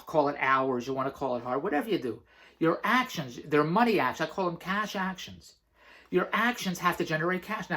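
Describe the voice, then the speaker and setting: A man's voice: on the high side, fairly bright tone. A man vlogging a casual motivational monologue, rambling and emphatic, laughing often between phrases. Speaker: vlogger and entrepreneur.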